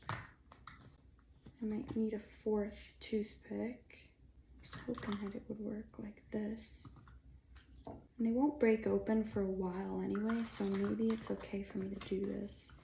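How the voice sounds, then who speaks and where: A woman's voice: mid-range voice, vocal fry, a little mellow. A woman in her twenties giving a casual gardening tutorial vlog. She is chatty, uses "like" often, and drops into muttered whispers while she works. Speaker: gardening vlogger. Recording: roomy echo with faint noise.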